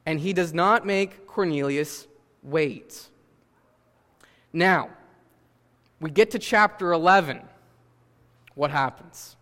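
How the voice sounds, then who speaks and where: A man's voice: a little high, takes it slowly, long pauses, fairly bright tone, long reverb tail. A man preaching a sermon in a conversational way, with casual fillers and questions put to the listeners. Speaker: pastor.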